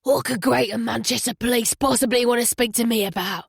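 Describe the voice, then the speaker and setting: A woman reading a gravelly East London man who is used to giving orders, curt and indignant. The voice sits a touch high and carries forcefully. It is recorded dry and close. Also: fairly even intonation, brisk, no room sound. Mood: brusque. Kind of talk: audiobook character voice.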